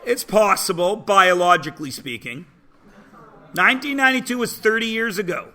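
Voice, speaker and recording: A man's voice: high-pitched, animated, normal speed, pushed and bright. A man in his forties teaching a math class in a classroom, chatty and joking with his students. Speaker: high school math teacher. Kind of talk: classroom lecture.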